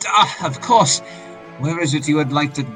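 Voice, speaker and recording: A man's voice: fairly high pitch, sharp tone, soft background music, rough recording. A man voicing a flamboyant young male fox prince in a put-on Spanish accent, grandiose and theatrical. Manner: grandiose, theatrical, drawn-out words.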